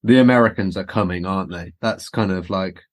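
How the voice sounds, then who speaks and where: Male podcast guest, lower pitch, blunt, incredulous, casual. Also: fairly quick. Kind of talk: casual review chat.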